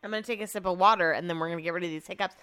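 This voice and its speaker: A woman's voice: fairly low pitch, rapid-fire, pushed and bright, soft background music. A woman chatting casually at home as a vlog host, sarcastic and swearing freely. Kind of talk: casual chat.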